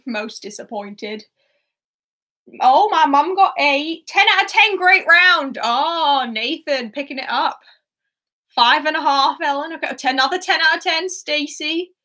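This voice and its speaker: A young woman hosts a casual online quiz, chatting and giggling between questions. Her voice sits high and sounds bright and clear. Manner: chatty, giggly, reads scores aloud. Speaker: quiz host.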